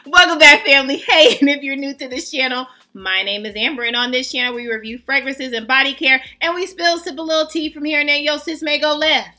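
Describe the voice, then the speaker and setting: A woman hosting a casual fragrance review vlog, chatty and excitable, greeting her viewers as family. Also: sits high, fairly quick, hardly any pauses. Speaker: fragrance vlogger host.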